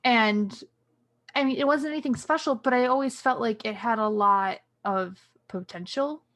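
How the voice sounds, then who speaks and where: A woman co-hosting a casual gaming podcast, chatty and quick to laugh. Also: on the high side, a bit bright. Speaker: podcast co-host. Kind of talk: casual chat.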